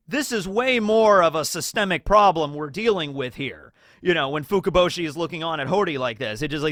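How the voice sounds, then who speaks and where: Bright-voiced, enthusiastic male anime commentator. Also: sits high, no room sound, studio quality. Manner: enthusiastic, rambling, many fillers. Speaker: anime video host. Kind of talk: casual fan commentary.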